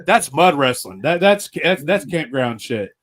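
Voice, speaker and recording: A man's voice: fairly high pitch, sing-song, unhurried, noisy background. A man from Pennsylvania hosting a podcast, telling profane stories in casual chat and acting out the voices of people he quotes. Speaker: podcast host.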